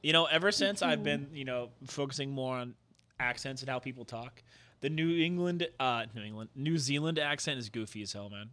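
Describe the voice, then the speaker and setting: A man's voice: mid-range voice, brisk. Joking man co-hosting a podcast. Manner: joking, deadpan fake announcements. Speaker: podcast co-host. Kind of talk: casual chat.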